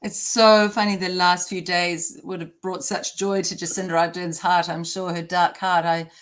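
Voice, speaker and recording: A woman's voice: lowish voice, flat delivery, moderate pace. Impassioned woman. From New Zealand. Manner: emphatic, emotional, indignant. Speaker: interview guest. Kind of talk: impassioned interview talk.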